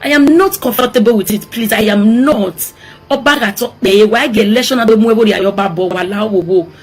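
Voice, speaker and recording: A woman's voice: medium pitch, fairly quick, breathy edge, faint music behind. A woman from Edo State with a Nigerian accent, making an emotional, pleading appeal for peace and repeating her words often.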